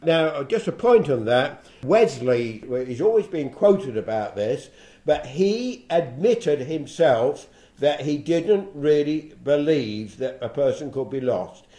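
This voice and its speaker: Mellow-voiced man teaching a Bible study. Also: a little high, lively intonation. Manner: reads scripture slowly, then talks off the cuff with fillers and restarts.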